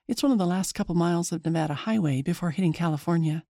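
A woman narrating a scary story in the first person in a lively, chatty way. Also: lowish voice, quick pace, dry recording, studio quality.

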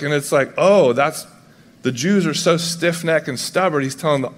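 Pastor guy giving a chatty sermon, slightly high voice, big echoey church hall, slips into character voices for the bible folks. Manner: casual and conversational, acts out biblical figures in quick voices. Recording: long hall reverb.

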